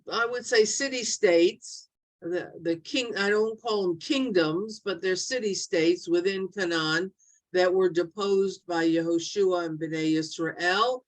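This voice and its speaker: A middle-aged woman teaching an online Bible study over a video call, speaking haltingly with many fillers and restarts. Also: medium pitch.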